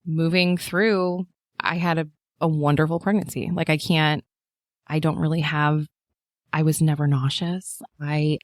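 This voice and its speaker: Low-voiced woman telling a story. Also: dry recording, clean studio sound. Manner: animated storyteller, acts out quotes in a high voice, many fillers. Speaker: podcast guest. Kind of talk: casual chat.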